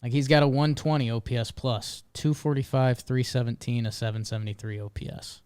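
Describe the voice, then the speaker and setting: A man co-hosting a casual baseball chat show, relaxed and easygoing, dropping in sponsor plugs. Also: medium pitch, fairly quick, clean tone. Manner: laid-back, reads sponsor plugs casually. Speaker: podcast co-host.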